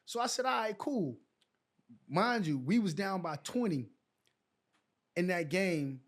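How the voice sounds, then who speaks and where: A middle-aged former pro basketball player, a guest in a casual interview, tells stories in a high, unhurried voice. He's an animated storyteller, acting out the exchanges he remembers.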